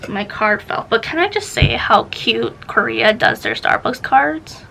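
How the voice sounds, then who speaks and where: A young woman talks to her own camera as a book vlogger, chatty and rambling. Her voice sits a touch high with a lot of vocal fry, and a faint hiss of background noise runs under it. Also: wildly swooping pitch, unhurried, sharp tone, rough recording. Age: young adult. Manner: chatty, rambling, easily sidetracked. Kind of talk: casual vlog chat. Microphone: camera facing her, self-filmed.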